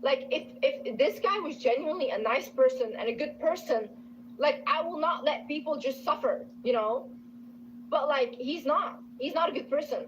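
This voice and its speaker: A woman's voice: sits high, moderate pace. A woman in a played clip, venting to her audience in a frustrated, swearing rant. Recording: dull clip audio with faint noise.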